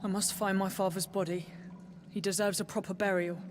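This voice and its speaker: A woman's voice: medium pitch, flat delivery, a little fast, lightly acted. An actress voicing a young woman just freed from a vampire's captivity, asking earnest, distressed questions about her father, heard through noisy game audio. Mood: shaken.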